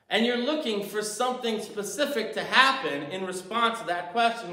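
A man preaching a sermon, animated, shifting between loud emphasis and quiet asides. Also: sits high, normal speed, hardly any pauses, reverberant. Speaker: pastor.

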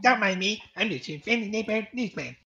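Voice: mid-range voice, expressive, fast talker, lo-fi sound, over music, close to an everyday voice. A friend putting on the voice of a smug, self-important male newsman.

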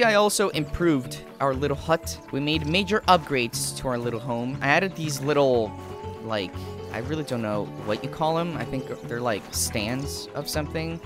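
A man commentating his own gameplay in a casual let's-play style, excitable and prone to swearing when startled. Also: medium pitch. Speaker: gaming YouTuber.

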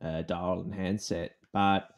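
A man hosts a casual podcast chat. His voice sits very deep. He asks questions in a loose, joking way. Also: little pitch movement, slow. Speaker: podcast host. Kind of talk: casual conversation.

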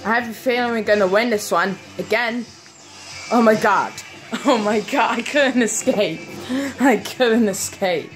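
Slow-talking excitable woman gamer. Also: fairly high pitch, soft background music. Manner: excitable, exclaiming often, quick to panic and laugh at herself. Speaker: gaming video host. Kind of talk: live gameplay commentary.

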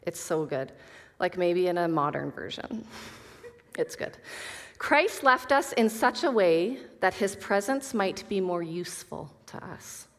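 A Bible study teacher, a woman with a slightly low voice, earnestly leads a women's group, shifting between scripture readings and casual asides. Her intonation is lively, her pace measured, and her tone fairly bright. A long hall reverb trails after her words.

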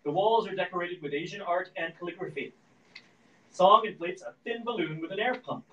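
A man reading the stage directions of a screenplay aloud at a live reading, in a steady, descriptive manner. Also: high voice, brisk, dull audio. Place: event room at a live reading. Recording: echoey room, distant mic.

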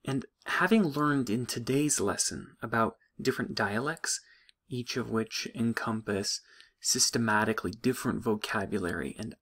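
A man giving a recorded psychology lecture, explaining things in a measured way. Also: mid-range voice, gravelly, fairly bright tone.

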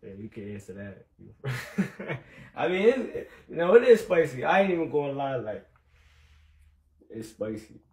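A man's voice: medium pitch, big pitch swings, unhurried, darkish tone, reverberant. Jersey man, stoned guest, mumbly and laid-back. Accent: New Jersey. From New Jersey. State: high. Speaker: livestream guest. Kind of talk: casual livestream chat.

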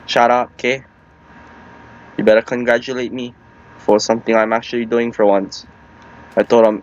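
A man's voice: medium pitch, flat delivery, normal speed, long pauses, muffled recording. A man with a Hawaiian Pidgin accent telling a rambling comic tall tale, acting out the people in it. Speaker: storyteller. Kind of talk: comic storytelling.

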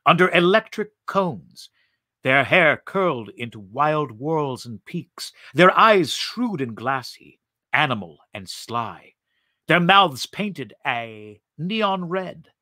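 A man reads a story aloud, slow and expressive, his pitch moving a lot. His tone is bright and a little high, and the sound is dry and close. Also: no room sound. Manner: slow, expressive, vivid narration. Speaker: actor reading aloud. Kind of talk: dramatic story reading.

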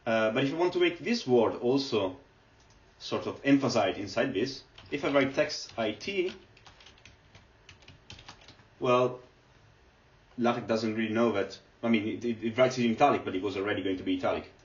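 A man's voice: mid-range voice, lively intonation, moderate pace, pauses often. A man giving a screen-recorded lecture, explaining step by step with many fillers as he types. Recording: echoey, distant, dull lo-fi.

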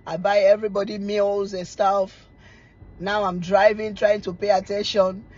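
A middle-aged woman, chatting casually to camera as a cooking vlogger, telling stories in a teasing, animated way and laughing often. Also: medium pitch, moderate pace, husky, muffled recording.

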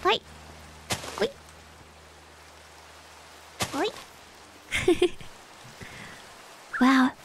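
A young woman VTuber streaming a block-building game, chatting casually with viewers, giggling often and breaking into excited squeals. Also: sits high, drawn-out words, pauses often, a little hiss or hum. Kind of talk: casual gaming stream chat. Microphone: binaural dummy-head mic.

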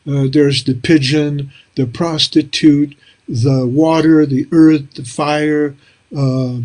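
A man's voice: on the high side, steady tone, takes it slowly, a little mellow. An older man hosting a casual interview, talking in a reflective, rambling way with many fillers. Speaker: host.

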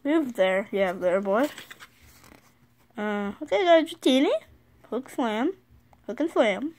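A school-age girl vlogging casually from her bed, excitable, reading card names aloud and often apologizing. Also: a little high, slow pace. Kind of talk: casual card-opening vlog. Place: sitting on her bed at home.

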